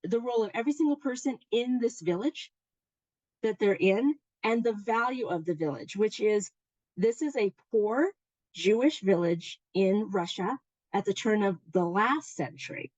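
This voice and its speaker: A woman leading a workshop, telling a story in an animated, chatty way with fillers and restarts. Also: mid-range voice, normal speed, no echo, lo-fi sound. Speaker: workshop presenter. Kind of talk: informal workshop talk.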